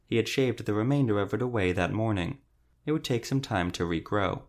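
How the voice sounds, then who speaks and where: Low-voiced male audiobook narrator. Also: a little fast. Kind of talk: scripted narration.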